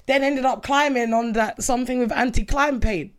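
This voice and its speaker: A woman's voice: a little high, moderate pace. A young woman with a London accent, chatting casually as a podcast co-host and telling stories in a playful, self-mocking way. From South London. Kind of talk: casual chat.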